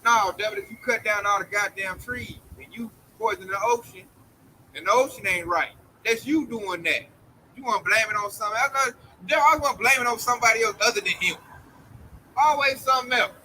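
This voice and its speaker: A male preacher giving an informal street-style sermon. He speaks bluntly in heavy slang, mocks those he talks about and often acts out their voices. His voice is very high-pitched for a man, with a piercing, bright edge. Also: brisk, slight background noise, low-quality recording.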